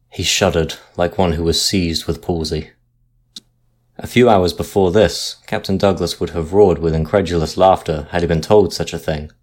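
Deep-voiced man narrating a tale. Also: steady tone, moderate pace, a little mellow. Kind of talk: storytelling narration.

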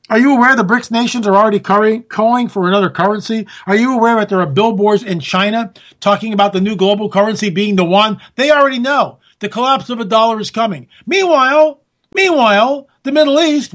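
A man delivering a solo political commentary in a high voice. He rants with a sarcastic edge and his voice climbs toward near-shouts. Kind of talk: monologue commentary.

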